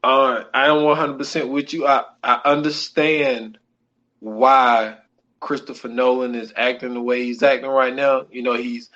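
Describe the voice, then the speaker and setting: A man's voice: medium pitch, little pitch movement, measured pace, sharp tone, highs cut off. A man co-hosting a podcast in casual chat, loose and repetitive, leaning on "man" between phrases. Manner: loose, repeats himself, keeps saying "man". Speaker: podcast co-host.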